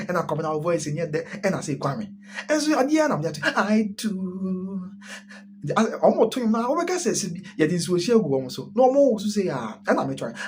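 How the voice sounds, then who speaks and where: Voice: medium pitch, a little hiss or hum. A host with a Ghanaian accent chatting casually on a live stream, mixing Twi and English while reading viewer comments. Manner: chatty, mixes Twi and English, laughs often.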